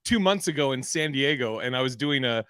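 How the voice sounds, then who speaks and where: A man's voice: medium pitch, lively intonation, a little fast, fairly bright tone, smooth, dry recording, clean studio sound. A man hosting a comedy podcast, telling stories in rambling, profane casual chat with many restarts.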